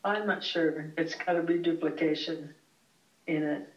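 A teacher explaining a Vedanta lesson in a relaxed, thoughtful way, pausing often to search for words in a small heated room at home. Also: mid-range voice. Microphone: far from the speaker. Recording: roomy, distant, dull home recording.

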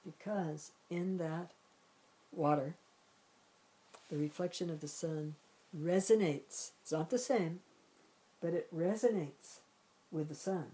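Low-voiced woman gently teaching meditation. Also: a little slow, pauses often, a little hiss or hum, low-quality recording. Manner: gentle, reflective, repeats and rephrases while searching for words. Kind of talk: spiritual teaching talk.

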